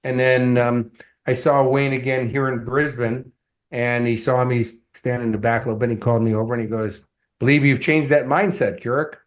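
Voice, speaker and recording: A man's voice: medium pitch, fairly quick. A middle-aged man speaking as a guest coach in an interview, with a mid-range voice. He tells anecdotes with energy and slips into the voices of the people he quotes. His talk is loose, with fillers and restarts. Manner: animated storyteller acting out quotes. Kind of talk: conversational storytelling interview.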